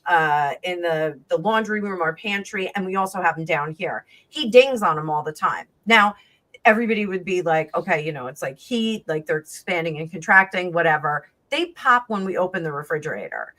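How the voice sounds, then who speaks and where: Chatty woman with a lowish voice. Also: brisk. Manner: rambling, animated, acts out quoted dialogue. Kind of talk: casual storytelling on a live stream.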